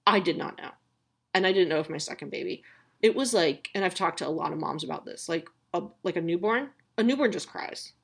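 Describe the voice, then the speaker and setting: Woman host, 30s, casual pep talk, gravelly husky low voice, frank and swearing. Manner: candid, swearing, self-mocking. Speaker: podcast host.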